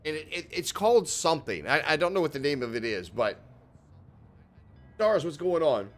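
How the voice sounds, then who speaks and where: A man's voice: a little high, lively intonation, normal speed. A man live-streaming a game, chatting casually with viewers in a rambling way, laughing often and swearing mildly, on a studio microphone. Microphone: diaphragm studio microphone.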